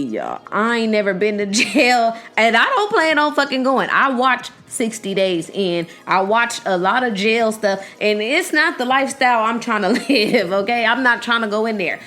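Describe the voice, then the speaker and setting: A young woman hosting a podcast, giving animated, outspoken commentary straight to her listeners. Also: on the high side, moderate pace, hardly any pauses, soft background music. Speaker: podcast host. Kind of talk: casual commentary to her audience.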